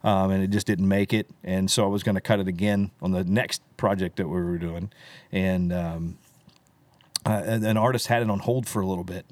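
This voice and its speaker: A man with a fairly low voice tells rambling, animated stories in a casual podcast chat, tossing in "dude" and "right?" as he goes. The recording is close and dry, with no room sound. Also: fairly quick, no room sound. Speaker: country singer telling stories.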